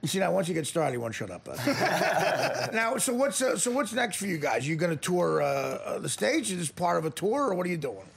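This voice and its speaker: A man's voice: high-pitched, very animated, a little fast, gravelly, slightly rough. A man hosting a casual interview in a studio, rambling and joking with many fillers. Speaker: talk show host. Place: radio studio.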